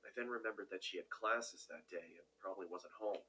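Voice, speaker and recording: A man narrating a first-person horror story in a calm, measured way. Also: low voice, poor audio.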